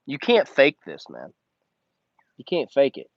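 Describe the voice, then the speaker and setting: A man's voice: mid-range voice, wildly swooping pitch, unhurried, vocal fry, dry recording. A man hosting a blunt, emphatic motivational monologue, talking straight at the listener like a coach. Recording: dull lo-fi recording.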